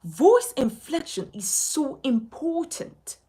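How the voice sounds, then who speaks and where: Slow, emphatic woman teaching a speaking lesson. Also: sits high, sing-song, warm tone, rough recording. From Nigeria. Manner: emphatic, instructive, repeats key points. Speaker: communication coach.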